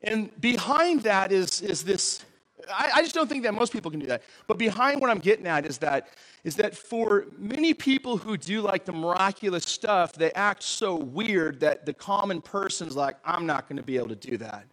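A man, a pastor, preaching a sermon in an animated, joking way and often asking the audience questions. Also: sits high, moderate pace, rough recording.

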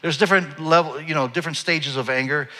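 Bright-voiced man preaching in a hall. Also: fairly high pitch, quick pace. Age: 40s. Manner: storytelling, conversational, swings from soft to loud and animated. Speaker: pastor. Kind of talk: sermon.

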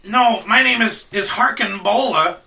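A man's voice: measured pace, gravelly, sharp tone, recorded from a distance, a little hiss or hum, full character voice. A man voicing a flustered male wizard whose soul is trapped in a crystal, talking in a fussy, stammering way. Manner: fussy, stammering, high and nervous.

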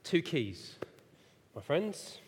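A man's voice: fairly high pitch, drawn-out words, slightly rough. A man in his thirties preaching a sermon and telling a story against himself, often laughing at his own failings. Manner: self-mocking, animated storyteller who laughs at himself. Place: church hall. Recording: echoey hall reverb.

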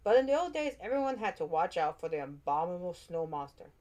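Brief: woman reading a kids' storybook, expressive, a few stumbles. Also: fairly low pitch, quick pace. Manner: expressive, with small slips and restarts. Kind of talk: children's storybook read-aloud.

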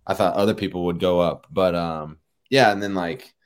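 A man in his thirties with a notably deep, low voice, recounting a memory in casual interview chat. He talks loosely, with plenty of "like" and "you know" as he goes. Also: normal speed. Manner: relaxed, rambling, many fillers like "you know" and "like". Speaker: professional baseball player, guest.

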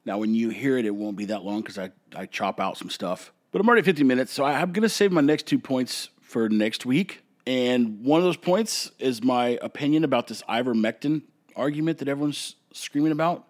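A man from the United States hosting a solo podcast, giving blunt, opinionated rants that swing between calm talk and heated bursts. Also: medium pitch, a little fast. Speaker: podcast host.

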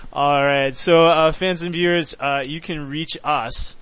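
A man's voice: fairly high pitch, fairly even intonation, a bit bright, clear, resonant tone, no echo, low-quality recording. A man hosting a podcast, chatting casually and joking, then signing off with contact details. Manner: upbeat, joking, drawn-out sign-off. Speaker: podcast host.

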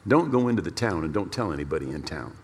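A male pastor preaching a storytelling sermon in an animated way, repeating words for emphasis. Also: sits low, fast, creaky, husky. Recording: long reverb of a large hall.

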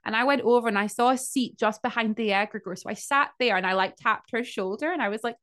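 A woman on a casual podcast with a fairly high voice. She tells a story in a chatty way and acts out what people said. Her delivery is lively and conversational. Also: normal speed. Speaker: podcast co-host.

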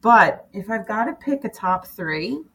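A woman in a casual group chat, talking in an animated, chatty way and swearing offhandedly. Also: medium pitch, measured pace, highs cut off, noisy background.

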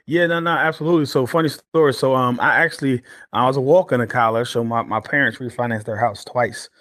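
A man in his forties, a guest on a podcast, telling stories in an animated way with many restarts and fillers. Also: mid-range voice, fast talker, no echo, studio quality. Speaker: guest, former pro football player turned entrepreneur. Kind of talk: storytelling podcast interview.

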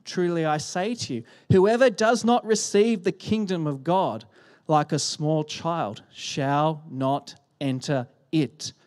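A man preaching a sermon in a church, animated and shifting between loud emphasis and hushed whispers, speaking into a handheld microphone. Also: a little high, slow pace. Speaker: pastor. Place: church hall.

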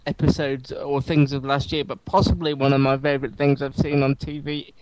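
A man's voice: medium pitch, little pitch movement, brisk, darkish tone, no echo, low-quality recording. A man hosting a casual podcast, wry and rambling, enthusing about television with his co-hosts. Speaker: podcast host.

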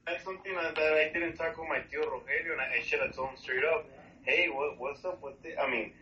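A man's voice: a little high, steady tone, fast talker, bright, forceful tone. A man in casual chat who talks bluntly and switches between English and Spanish. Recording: dull lo-fi audio with crowd noise.

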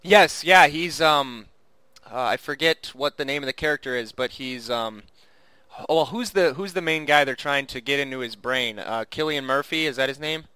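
A man's voice: medium pitch, moderate pace, pushed and bright, clear, resonant tone, dry recording. A man co-hosting a casual podcast chat, rambling with restarts and chuckling often. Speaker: podcast co-host.

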